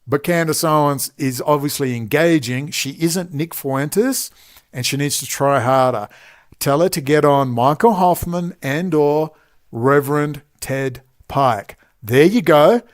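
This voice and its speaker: Loud, ranting Australian man. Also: fairly high pitch, measured pace. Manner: combative, sarcastic, loud ranting. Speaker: online commentator. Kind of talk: ranting monologue to camera.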